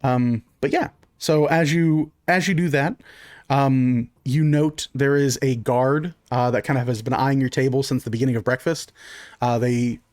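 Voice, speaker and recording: A man's voice: mid-range voice, steady tone, moderate pace, a little mellow, no room sound, studio quality. A man narrating as game master in a loose, rambling way with many fillers.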